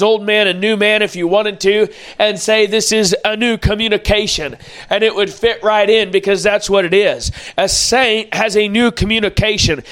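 A man's voice: high voice, fairly bright tone, clear, resonant tone. A man preaching a sermon, emphatic and quoting scripture at length.

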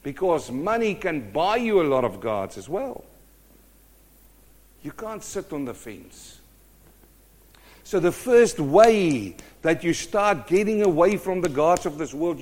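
Brief: a male preacher with a fairly high voice delivering a lively storytelling sermon.

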